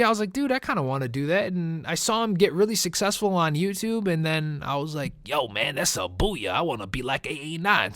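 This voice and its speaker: This is a young man who grew up speaking Italian, a gaming YouTuber answering viewer questions over gameplay in a relaxed, chatty Q&A. His voice is high-pitched and a bit bright, and he often calls his listeners "man" and "guys." The recording is studio quality with no room sound.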